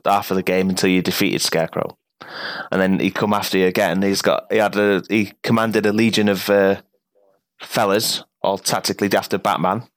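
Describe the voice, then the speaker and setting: A man in casual chat, rambling and halting with frequent laughs. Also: lowish voice, fairly bright tone, dry recording. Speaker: podcast co-host.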